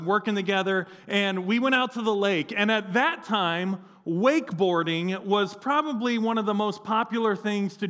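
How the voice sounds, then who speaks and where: A man preaching a sermon as pastor, telling a story with lively acted-out quotes. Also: sits high.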